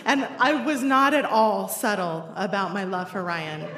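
A woman of forty telling a personal story at a live show, wry and self-deprecating with lively comic timing. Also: medium pitch, a little slow, background noise. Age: 40s. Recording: roomy echoey venue sound.

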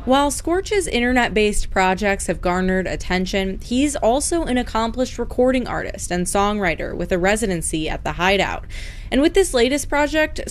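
A woman reporter narrating a radio news feature in a clear, measured way. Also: medium pitch, a little hiss or hum.

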